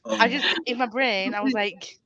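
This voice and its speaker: A woman's voice: fairly high pitch, normal speed, vocal fry, sharp tone, muffled recording. A woman hosting a casual live stream, rambling through stories and laughing often, on a webcam mic. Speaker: livestream host. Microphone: computer webcam mic.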